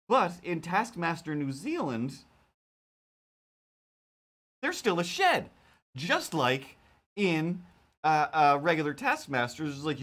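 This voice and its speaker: A man's voice: on the high side, a bit bright. A man who is a cartoonist and live streamer, chatting casually in a rambling way, with lots of fillers and playful quotes of his own thoughts.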